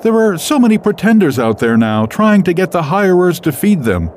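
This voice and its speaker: A man's voice: high-pitched, sing-song, moderate pace, a little mellow, a little hiss or hum, pitched above the performer's own voice. A man voicing an anxious mother wolf with a raised, pleading voice. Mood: worried. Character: worried female wolf, a mother.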